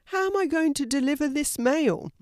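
A woman's voice: high-pitched, lively intonation, moderate pace, no room sound, studio quality, pitched above the performer's own voice. A woman voicing a friendly, slightly flustered village postman in a storybook reading. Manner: friendly, puzzled, grateful. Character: kindly village postman, grown man, a bit flustered.

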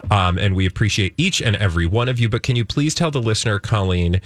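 A man's voice: fairly low pitch, lively intonation, quick pace, dry recording. A man co-hosting a podcast in casual comedic chat, playful and mock-outraged. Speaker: podcast co-host.

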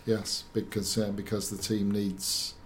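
Low-voiced pundit searching for words. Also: male voice, little pitch movement, a little slow, a little hiss or hum. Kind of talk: casual discussion.

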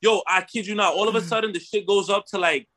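Animated high-voiced storytelling man. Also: fast talker. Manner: animated, swearing, slangy, repeats "bro" and "right?". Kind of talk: casual storytelling chat.

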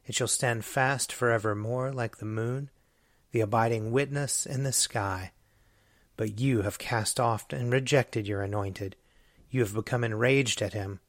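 A man recites psalms in a measured, solemn way. His voice sits at an ordinary middle pitch. The sound is close and dry, with no room around it. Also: no echo. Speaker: scripture reader. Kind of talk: liturgical reading of psalms.

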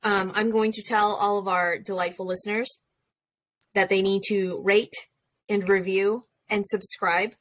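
A woman co-hosting a podcast, chatting in a bubbly, excitable way. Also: mid-range voice, measured pace. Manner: bubbly, exclaims and restarts often. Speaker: podcast co-host. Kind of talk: casual podcast chat.

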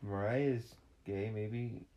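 A woman's voice: extremely low pitch, steady tone, extremely slow, warm tone. A woman co-hosting a podcast, speaking bluntly, swearing and joking in casual chat. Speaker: podcast co-host.

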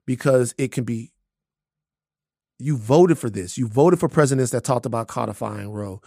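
In a clean, dry studio recording, a podcast co-host makes his points emphatically in casual chat, repeating lines for stress. He has a medium-pitched, darkish voice and speaks at normal speed.

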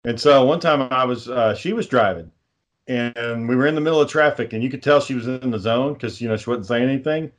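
A man's voice: mid-range voice, fairly quick. Rambling, swearing podcast co-host man. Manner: rambling explanations, frequent swearing and fillers. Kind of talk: casual chat.

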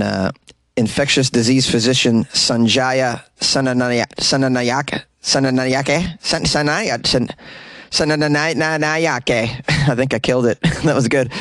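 A man with a mid-range voice hosts a comedic news podcast from a closet, reading strange stories and dropping wry jokes between them. The recording has no echo.

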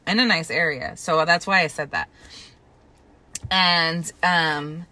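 Young woman podcast host, lowish voice, swears a lot telling her story. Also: takes it slowly. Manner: animated, profane storytelling. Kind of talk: casual chat.

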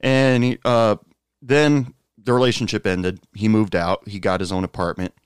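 Low-voiced man telling a rambling story. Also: fairly even intonation, moderate pace, smooth, dry recording, clean studio sound. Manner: rambling, many fillers and asides; jumps high when quoting others. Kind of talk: casual anecdote monologue.

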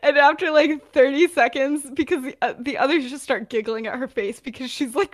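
A woman's voice: high voice, a little fast. Chatty young woman retelling a story. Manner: rambling, many fillers, acts out quotes. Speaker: podcast co-host. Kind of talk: casual chat retelling a story.

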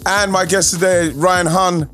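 A man hosting a casual football podcast, talking in a rambling, excitable way with many restarts. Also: high voice, a little slow, soft background music. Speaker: podcast host.

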